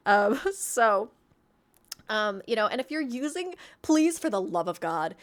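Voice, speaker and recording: A woman's voice: a little high, expressive, measured pace. A woman admin leading a roleplay workshop, talking in a chatty, rambling way with lots of fillers and frequent small laughs. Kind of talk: casual instructional talk.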